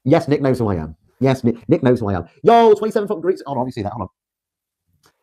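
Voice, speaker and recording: A man's voice: medium pitch, lively intonation, brisk, dark tone. A young man from Britain on a livestream, ranting defiantly with rambling restarts. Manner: rambling, repetitive, stumbling restarts.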